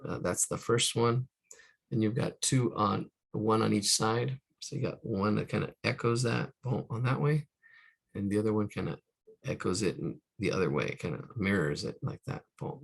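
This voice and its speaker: Gravelly man talking through a drawing. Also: lowish voice, normal speed. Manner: relaxed, talks through each stroke, counts aloud; muttering asides, trails off often. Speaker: art instructor. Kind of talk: live drawing demonstration.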